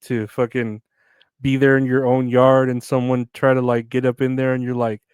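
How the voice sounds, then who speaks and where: Casting: male solo podcaster, crude rambling humor, smooth clear voice, dry close sound. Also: medium pitch, monotone, normal speed, darkish tone, dry recording. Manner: crude, rambling, jokey, reads news aloud and riffs on it. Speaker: podcast host.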